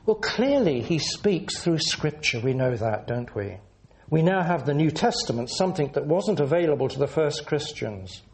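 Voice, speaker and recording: A man delivers a sermon in an earnest, measured way. His voice sits a little high and moves in lively swings of pitch. He leans into key words to stress them. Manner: earnest, measured teaching delivery with rising emphasis. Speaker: preacher.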